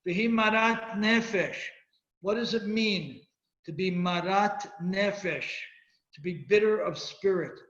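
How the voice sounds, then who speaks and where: A man's voice: sits high, slow, a bit bright. A man teaching a Torah class as a rabbi. He reads Hebrew verses, explains them and questions his students. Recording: echoey room, dull lo-fi sound.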